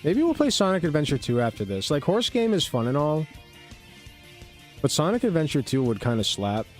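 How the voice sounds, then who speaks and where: A man's voice: on the high side, very animated, a little fast, faint music behind. A man hosting a casual reaction stream, rambling, swearing, and interrupting himself. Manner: rambling, profane, self-interrupting. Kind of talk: casual commentary.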